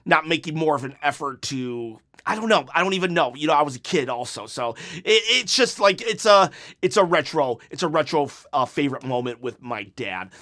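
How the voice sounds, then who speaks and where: A middle-aged man chats through fan questions in a loose, rambling vlog style. His voice sits high for a man, and he talks earnestly, stumbling and restarting as he goes. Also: expressive, brisk, sharp tone. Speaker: wrestling YouTuber. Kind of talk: casual Q&A vlog.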